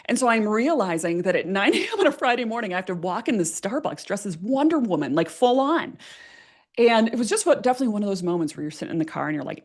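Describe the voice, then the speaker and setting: A woman presenting at a workshop, telling a personal story in a lively way, laughing often and using many fillers. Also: mid-range voice, fast talker.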